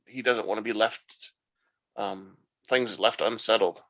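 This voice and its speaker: A man's voice: fairly low pitch, steady tone, measured pace, vocal fry, fairly bright tone, low-quality recording. A man hosting a podcast, retelling the plot loosely in a casual recap and thinking aloud as he goes. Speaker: podcast host.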